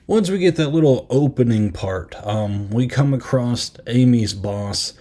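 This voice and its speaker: A man hosting a podcast, casually recapping a horror film with lots of "like" and "um" and quick half-acted quotes. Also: medium pitch, animated, dark tone. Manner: rambling, filler-heavy recap with frequent "like" and "um"; easily amused, retells scenes with quick half-acted quotes. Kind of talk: casual chat.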